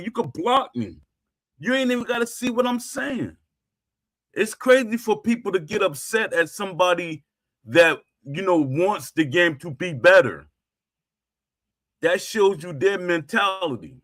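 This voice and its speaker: Slow-talking high-voiced man ranting. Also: pushed and bright. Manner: emphatic and repetitive, circling back to points. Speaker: host of a gaming talk stream. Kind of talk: casual livestream rant.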